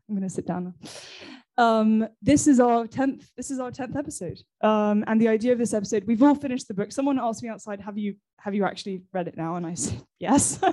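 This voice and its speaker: A woman's voice: medium pitch, mellow. Chatty English woman hosting live. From England. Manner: chatty, laughing, many fillers and restarts. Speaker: host, library programs manager. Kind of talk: live event introduction. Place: library event room, live audience.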